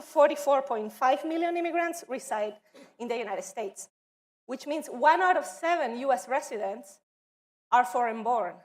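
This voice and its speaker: Nervous woman with a foreign accent. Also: high voice. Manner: nervous, hesitant, many fillers. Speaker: immigrant relations coordinator. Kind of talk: workshop welcome and presentation. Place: training room with audience at tables.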